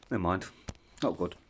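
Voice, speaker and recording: A man's voice: low-pitched, slight background noise. A man telling his life story in a candid, rambling way, swearing freely. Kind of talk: casual storytelling.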